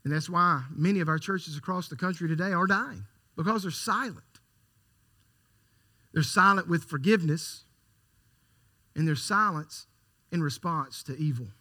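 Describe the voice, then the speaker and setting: A man preaching a sermon, emphatic, repeating key lines for stress and swinging from quiet to loud. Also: on the high side, moderate pace, pauses often.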